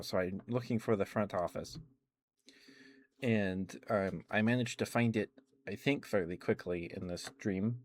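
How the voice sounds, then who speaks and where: Guy doing a chill asmr stream, kinda low voice, rambly, laughs a lot, greets chat. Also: normal speed, slight background noise. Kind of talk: soft-spoken chatty storytelling stream.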